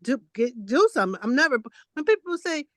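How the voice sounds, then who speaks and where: A woman co-hosting a casual chat, telling childhood stories in a talkative way with animated quotes. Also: sits high, a little fast, no echo. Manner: chatty storytelling, animated quoting. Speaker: co-host.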